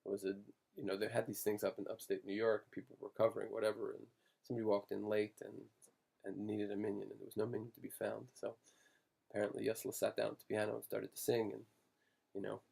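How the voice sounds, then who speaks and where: Man, interview storyteller; husky, heavy fry, halting and digressive delivery. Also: fairly low pitch, monotone, mellow. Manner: halting and digressive, with many restarts. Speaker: family descendant telling stories.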